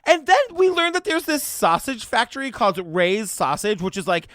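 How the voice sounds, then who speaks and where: A man co-hosts a podcast and recaps a story with a swooping, lively voice. He is expressive and profane, and the sound is dry and close. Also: sits high, normal speed, no echo. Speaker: podcast co-host. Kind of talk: casual chat.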